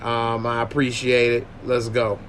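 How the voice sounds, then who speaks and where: A man's voice: medium pitch, completely flat delivery, unhurried, slight background noise. A man hosting a casual livestream podcast, joking and slangy while thanking his viewers. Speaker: podcast host.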